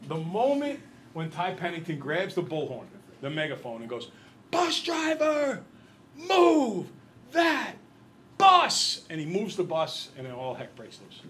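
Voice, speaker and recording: A man teaches a classroom math lesson in a chatty, lively way, trading quick questions with his students. His voice sits a bit high for a man, with a faint hum of ambient noise behind him. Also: low-quality recording. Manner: lively, chatty storyteller who quizzes the class. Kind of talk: classroom lecture with storytelling.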